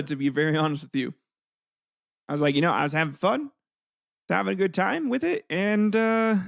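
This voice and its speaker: A man's voice: a little high, gravelly, fairly bright tone, no room sound, studio quality. A young man hosting his own podcast, rambling casually with lots of fillers and chuckles. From United States. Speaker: podcast host. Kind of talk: casual solo podcast chat.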